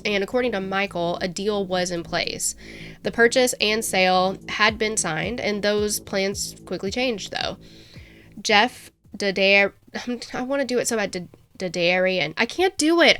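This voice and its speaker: A woman co-hosting a casual true-crime podcast, talking in an animated, self-mocking way and laughing at herself. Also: medium pitch. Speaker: podcast co-host.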